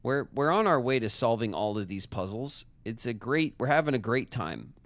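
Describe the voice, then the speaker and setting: A man's voice: mid-range voice, lively intonation, normal speed, a bit bright, no room sound. A man streaming a puzzle game, chatting with his viewers and himself in a loose, joking way as he works out clues. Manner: chatty, talks to chat and himself, jokey asides. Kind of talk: casual live gameplay commentary.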